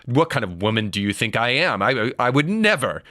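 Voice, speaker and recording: A man's voice: mid-range voice, sing-song, moderate pace, bright, forceful tone, no echo. An indignant woman protests in a spoken joke, as a man puts her on. The voice is dry and close.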